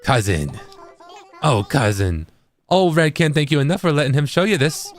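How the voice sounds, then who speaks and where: A slippery, pushy fox merchant, put on by a man reading game lines aloud leans into every pitch with wheedling patter. His voice swings up and down with salesman flair. Faint game music sits underneath him. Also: big pitch swings, normal speed. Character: sly, pushy fox merchant, male, middle-aged.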